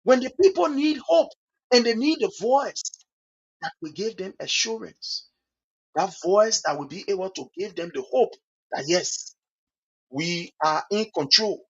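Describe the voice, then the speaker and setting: A Liberian man giving impassioned political commentary in a preachy, repetitive way, acting out other people's words in quick asides. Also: high voice, lively intonation, a bit bright, breathy edge, dull audio.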